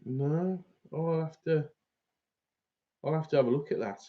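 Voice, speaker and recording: A man's voice: a little high, unhurried, dull audio. A man hosting a fishing channel, chatting casually on a live stream, laughing often and reading out viewer comments.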